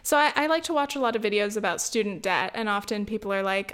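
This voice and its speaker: A woman's voice: medium pitch, expressive, quick pace, hardly any pauses, a bit bright, smooth. A young American woman, a student, ranting casually to her listeners, chatty and full of fillers, restarts and swearing. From United States. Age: young adult. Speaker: student vlogger. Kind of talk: casual rant to camera.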